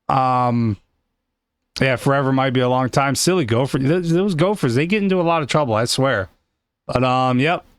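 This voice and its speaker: A man's voice: medium pitch, fairly bright tone, clean tone, no room sound, clean studio sound. A young man hosting a comedic talk show, rambling and cutting in with lots of fillers. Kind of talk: casual comedic chat.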